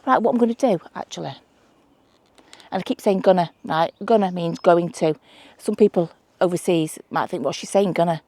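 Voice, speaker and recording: Her voice is fairly low, a little mellow and at a normal speed, with no echo. She's a middle-aged woman from Manchester, England, casually narrating her allotment gardening vlog outdoors, talking through her trellis build aloud and poking fun at herself.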